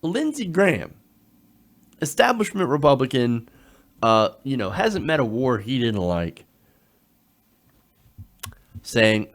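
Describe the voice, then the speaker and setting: A man delivering opinionated political commentary in a sarcastic, animated way. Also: mid-range voice, takes it slowly, long pauses. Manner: sarcastic, animated, drops into mocking quotes.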